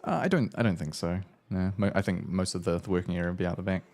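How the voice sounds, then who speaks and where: A man's voice: sits low, quick pace, darkish tone. A man narrating a tabletop game as game master, in a casual, rambling way with many fillers.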